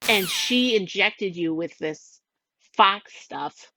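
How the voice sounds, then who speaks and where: A woman's voice: medium pitch, animated, slow pace, noisy background. A woman casually retelling a game's plot, rambling and giggly, full of "like" and little voices for the characters. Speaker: storyteller recounting a game plot.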